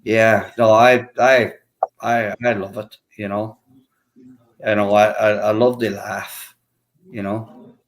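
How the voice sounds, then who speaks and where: A man's voice: on the low side, little pitch movement, slow, pauses often, rough recording. A man in a casual voice chat, rambling and repeating himself a lot. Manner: rambling, lots of "you know" and repeats. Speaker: voice chat participant.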